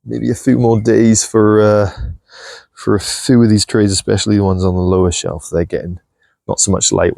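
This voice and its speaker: A man chatting casually while he shows his farm and garden, relaxed and self-deprecating, with a clip-on mic. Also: on the low side, dry recording. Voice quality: gravelly. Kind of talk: casual walk-and-talk vlog. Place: outdoors on a farm and in a polytunnel. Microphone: clip-on mic on clothing.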